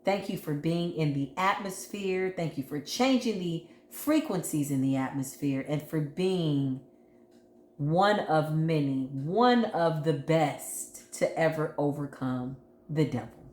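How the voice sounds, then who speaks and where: A woman's voice: low-pitched, takes it slowly, a little mellow, echoey room, a little hiss or hum. A woman giving a tarot reading to her viewers, talking emphatically and expressively and addressing them directly. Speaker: tarot reader.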